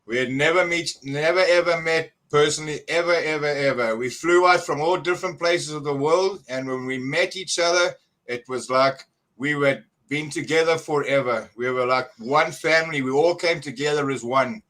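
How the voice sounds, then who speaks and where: A middle-aged man, excitedly telling a story as a guest, halting and restarting often. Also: fairly high pitch, low-quality recording. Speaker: guest church member. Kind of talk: casual testimony.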